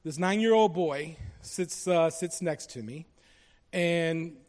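Man, from Colombia, personal church testimony, earnest and halting, fairly high voice, long hall reverb. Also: darkish tone. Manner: earnest, halting, with many restarts. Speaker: church member giving a testimony.

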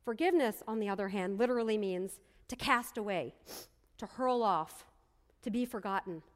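A woman's voice: mid-range voice, expressive, normal speed, long reverb tail. A woman pastor preaching a sermon, telling a story earnestly and repeating phrases for emphasis.

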